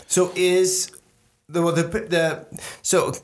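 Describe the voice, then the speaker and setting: A man's voice: high voice, flat delivery, slow. A man who leads worship, co-hosting a casual podcast chat, joking and rambling with many restarts. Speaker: podcast co-host, worship leader.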